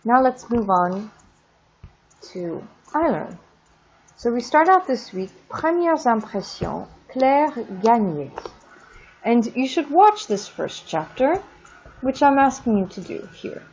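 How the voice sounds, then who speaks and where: A woman teaching a French class in a recorded lesson, drawing out words slowly for pronunciation drills and adding casual asides. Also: on the high side, big pitch swings, a little mellow, muffled recording.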